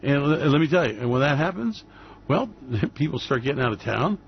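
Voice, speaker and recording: A man hosting a radio show, ranting in mocking, brash commentary that breaks into loud bursts and laughter. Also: medium pitch, very animated, brisk, muffled recording, a little hiss or hum. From New York.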